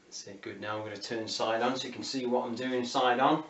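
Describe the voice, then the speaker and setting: A man's voice: medium pitch, fairly even intonation, fairly quick, fairly bright tone, far from the mic. Encouraging male fitness instructor, echoey room. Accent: English. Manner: encouraging, counting down reps. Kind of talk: home workout class instruction.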